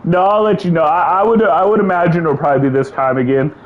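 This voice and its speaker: A man co-hosting a casual podcast chat, animated, laughing often and repeating himself. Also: a little high, fast talker. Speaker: podcast co-host. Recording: dull lo-fi sound.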